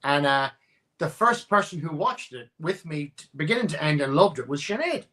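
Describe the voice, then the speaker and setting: A man's voice: fairly high pitch, sing-song, moderate pace, pushed and bright. A man co-hosting a live stream from home, chatting casually about movies, swearing freely and teasing. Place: home setup.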